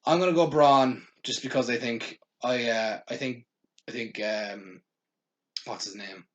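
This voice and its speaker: A man's voice: mid-range voice, measured pace, a bit bright, muffled recording. A man co-hosting a wrestling podcast in casual chat, rambling and laughing often. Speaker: podcast co-host.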